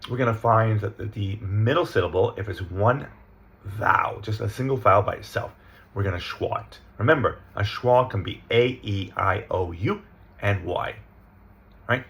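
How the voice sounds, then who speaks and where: A man's voice: lowish voice, a bit bright. A man teaching English pronunciation from slides. He explains step by step, reads example sentences aloud and often checks in with "right?" and "okay?". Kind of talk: slide-based lesson.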